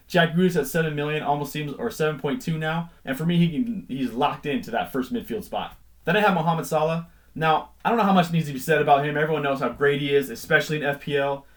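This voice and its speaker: A young man runs through his fantasy football team in a loose, conversational ramble. His voice sits a little high for a man, and he keeps slipping in playful, self-deprecating jokes between the player stats. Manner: jokey, self-deprecating asides. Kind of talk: casual team-selection commentary.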